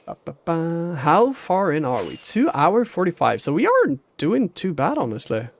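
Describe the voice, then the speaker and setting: A man's voice: fairly high pitch, huge pitch swings, moderate pace, gravelly. A man streaming a building game, talking to himself and humming little sound effects as he works. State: hiccuping. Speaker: Minecraft streamer. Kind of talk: casual gameplay commentary.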